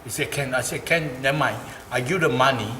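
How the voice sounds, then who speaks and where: Animated Malaysian-accented man telling a story. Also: fairly quick. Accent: Malaysian English. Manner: animated, repeats phrases, gets louder and higher in quoted speech. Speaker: interviewee. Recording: roomy, noisy ambience.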